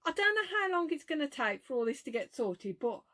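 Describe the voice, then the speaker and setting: A woman's voice: sits high, big pitch swings, fairly quick, sharp tone. A middle-aged woman with a Brummie accent, chatting casually to camera as she acts out her phone calls and laughs through the story. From Birmingham, England. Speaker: vlogger.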